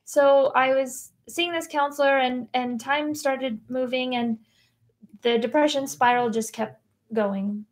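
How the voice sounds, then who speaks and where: A woman's voice: sits high, steady tone, a little slow. A woman guest on a podcast, telling her personal story in an earnest, reflective and candid way. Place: podcast recording room.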